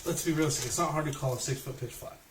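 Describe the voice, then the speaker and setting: High-voiced man ranting in an echoey room. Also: very fast. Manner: blunt, profane, argumentative. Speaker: podcast co-host. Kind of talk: casual ranting chat. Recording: roomy, distant mic, faint noise.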